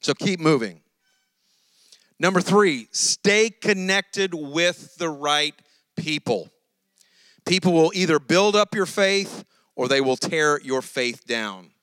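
Man, pastor, sermon, animated storyteller, high bright voice, dry close sound. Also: slow pace, clean tone, no room sound.

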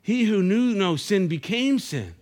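A pastor delivers a sermon in an earnest manner, repeating words while he hunts for phrasing and letting the ends of phrases sink low and soft. His pitch swings widely, and his pace is measured.

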